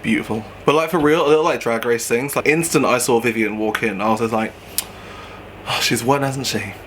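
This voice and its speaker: Young man, camp and gossipy makeup-tutorial host, bright voice, faint room hum. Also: mid-range voice, quick pace. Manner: chatty, camp, gossipy, laughs often. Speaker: drag performer doing a makeup tutorial. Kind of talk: casual makeup tutorial chat.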